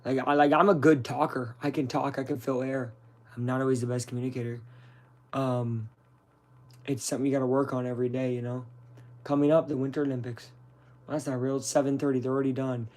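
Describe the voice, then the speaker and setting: A man's voice: mid-range voice, flat delivery, fast talker. Rambling jokey young man streaming. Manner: rambling, jokey, slangy, says "bro" a lot. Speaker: streamer reacting to a broadcast. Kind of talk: casual live-stream commentary.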